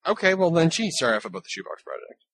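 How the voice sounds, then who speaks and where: A man's voice: fairly high pitch, very animated, fast talker, a bit bright, dry recording. A man hosting a casual podcast chat, steering the talk with dry, wry humor. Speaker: podcast host.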